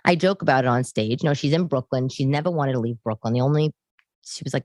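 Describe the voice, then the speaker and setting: A woman's voice: a bass voice, fast, darkish tone, no room sound. A woman in her forties with a New York accent, a comedian hosting a podcast from her living room, rambling on in a chatty monologue full of asides.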